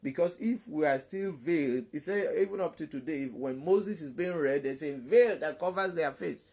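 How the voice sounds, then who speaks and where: A man's voice: on the high side, moderate pace, darkish tone. A man with a Nigerian English accent, a gospel DJ talking on a live online chat in an emphatic preaching style, repeating words and slipping into Pidgin.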